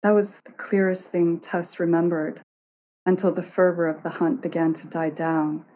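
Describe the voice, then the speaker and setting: A woman narrating a story in an expressive, measured reading. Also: fairly low pitch, slight background noise.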